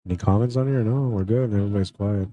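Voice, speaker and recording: A man commentating a live pool tournament stream in a relaxed, friendly way, reading out chat comments between shots. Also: lowish voice, fast talker, dull audio. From Canada.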